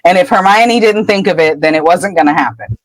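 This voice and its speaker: A woman podcast co-host casually retelling a book chapter, an animated storyteller who laughs often. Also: on the low side, fairly quick, no echo, rough recording.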